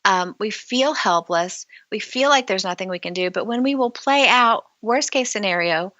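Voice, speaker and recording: A woman's voice: medium pitch, animated, moderate pace, pushed and bright, no room sound, dull audio. A woman author, a guest on a podcast interview, giving candid advice and acting out remembered conversations as she tells stories. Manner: candid storyteller, acts out dialogue.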